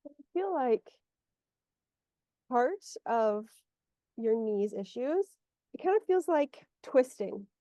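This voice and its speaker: A woman with a fairly high, mellow voice guides a client as an energy healer. She meanders as she explains, searching for words aloud. The sound is dry and slightly muffled, like a video call. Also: sing-song, slow pace, pauses often, no room sound. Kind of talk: one-on-one guidance session. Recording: muffled lo-fi audio.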